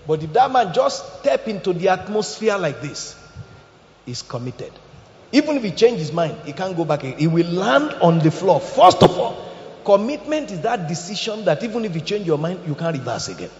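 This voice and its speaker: A man preaching a sermon in an animated way, shouting out quotes and laughing along with the room. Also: high voice. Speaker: pastor. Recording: echoey hall, dull lo-fi sound.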